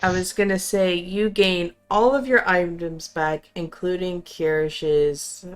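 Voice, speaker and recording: Slow, smooth-voiced woman game master. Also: fairly low pitch, soft background music. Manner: calm, descriptive narration. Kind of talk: narrating a tabletop game.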